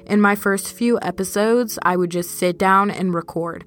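A young woman hosting her own podcast, talking casually and directly to her listeners in a relaxed, chatty monologue. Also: mid-range voice, moderate pace. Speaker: podcast host.

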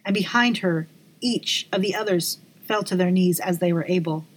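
A woman narrating a dark first-person story in a measured, dramatic reading. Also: fairly low pitch, husky. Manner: measured, slowing on dramatic lines.

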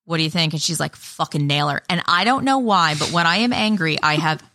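A woman's voice: on the low side, expressive, quick pace, sharp tone, no echo, studio quality. A woman co-hosting a podcast, telling a story in casual chat and swearing freely. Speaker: podcast co-host.

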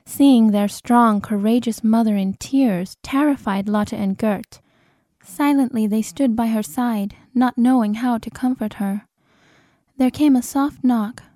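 A woman narrating an audiobook in a measured, dramatic style. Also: on the high side, dark tone, dry recording, studio quality. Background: cinematic score.

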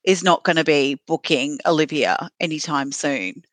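Lower-voiced sarcastic woman co-host. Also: expressive, no room sound. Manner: blunt, sarcastic, quick asides. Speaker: podcast co-host. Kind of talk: casual recap chat.

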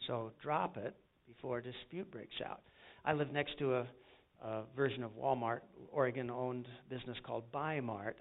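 A man's voice: medium pitch, phone-quality sound. A man preaching a sermon with call-and-response and folksy stories, from the United States. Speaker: pastor.

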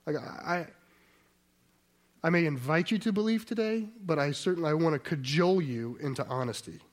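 Slightly high in pitch with lively intonation, a man preaches at a moderate pace. His sermon is conversational, peppered with rhetorical questions, and he often restarts or self-corrects mid-sentence.

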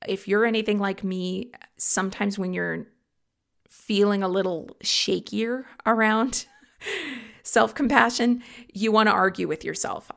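A middle-aged woman hosting a reflective solo talk, earnest and gently confiding as she shares personal thoughts. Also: mid-range voice, creaky.

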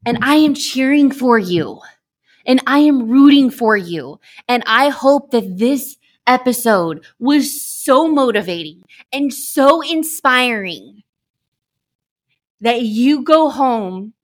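A woman's voice: a little high, fairly bright tone. A woman hosting a motivational podcast, talking in a gushing, emphatic way and swearing for emphasis. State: emotional, near tears. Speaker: podcast host.

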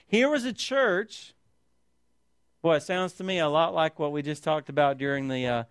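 A man's voice: sits high, no room sound, clean studio sound. A man preaching a sermon as pastor, reading scripture aloud with emphasis and pressing points with rhetorical tag questions.

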